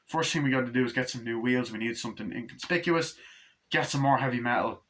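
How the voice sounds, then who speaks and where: Young man, bright and eager, retelling movie scenes in a loose, profane review. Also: mid-range voice, quick pace.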